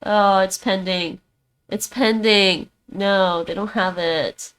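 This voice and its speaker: Slow-talking chatty woman, Dutch native. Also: mid-range voice, steady tone, a bit bright, clear, resonant tone. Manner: chatty, thinks aloud, repeats words to practice. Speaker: streamer learning languages. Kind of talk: casual livestream language practice.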